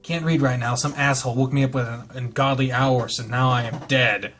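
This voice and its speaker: A man's voice: medium pitch, fairly even intonation, a little fast, a bit bright, faint music behind, voice pushed down, close to an everyday voice. A man reading a sleepy teasing young guy. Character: tired joking young man, teasing but lonely.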